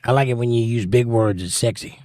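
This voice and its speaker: A man's voice: medium pitch, fairly quick, mellow, no echo, clean studio sound. A man hosting a casual live stream, reading viewer comments aloud and joking back at them. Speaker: livestream host.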